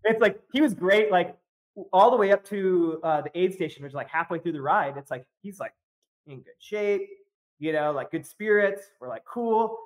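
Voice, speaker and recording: A man's voice: high voice, animated, moderate pace. A man on a podcast as a guest, telling a story in casual chat, full of fillers and breaking into laughs often.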